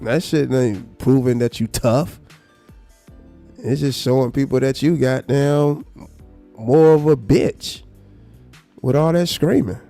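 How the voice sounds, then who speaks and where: A gravelly, mellow-toned man holds forth on his live stream in a calm, low, deliberate voice. He stays blunt and swears freely. A faint bed of music sits behind him. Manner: calm, low, unhurried speaking tone; blunt and profane. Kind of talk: casual commentary rant.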